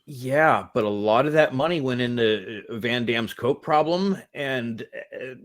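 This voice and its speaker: A man in his forties co-hosts a casual film review podcast. His pitch rises and falls in lively swings as he talks, and he laughs and swears freely. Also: unhurried. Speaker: podcast co-host. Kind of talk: casual movie review chat.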